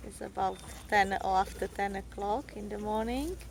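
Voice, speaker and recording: A woman's voice: medium pitch, moderate pace, gravelly. A woman giving casual travel commentary in a park by the beach, chatting and laughing often between remarks. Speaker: vlogger. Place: outdoor park near a beach. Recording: outdoor background noise, birds.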